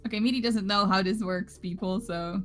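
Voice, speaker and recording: A woman's voice: mid-range voice, steady tone, fairly quick, a bit bright, faint music behind. A young adult woman playing as a guest in casual gameplay banter, giggling often. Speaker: guest co-player.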